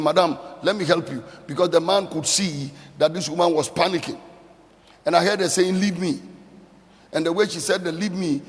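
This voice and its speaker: A man's voice: on the high side, in a large hall. A middle-aged male pastor delivering a sermon, mixing emphatic repeated phrases with conversational storytelling.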